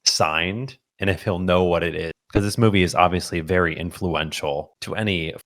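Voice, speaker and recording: A man co-hosting a casual movie-review podcast, talking in an excitable way with lots of exclamations. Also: deep voice, moderate pace. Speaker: podcast co-host. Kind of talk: casual chat.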